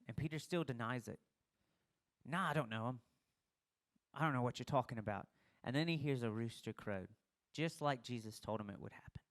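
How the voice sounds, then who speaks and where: A man's voice: mid-range voice, a bit bright. A young adult man, a pastor giving a casual sermon and acting out the lines of the people in the story. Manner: conversational, acts out quoted dialogue.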